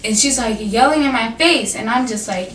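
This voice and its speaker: A teenage girl casually telling a storytime to her vlog camera, animated and full of fillers and quoted dialogue. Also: fairly high pitch, moderate pace. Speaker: vlogger. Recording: echoey room from a distance, faint noise.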